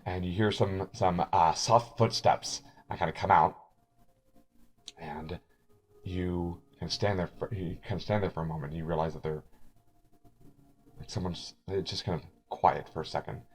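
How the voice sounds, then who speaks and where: A man's voice: sits low, steady tone, normal speed, pauses often, breathy edge. Man narrating as game master. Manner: rambling, many restarts and fillers.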